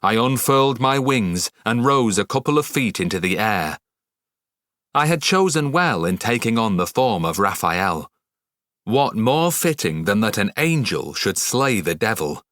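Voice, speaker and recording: A man narrating a dark fantasy audiobook in the first person, measured and dramatic. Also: lowish voice, sing-song, dry recording, clean studio sound.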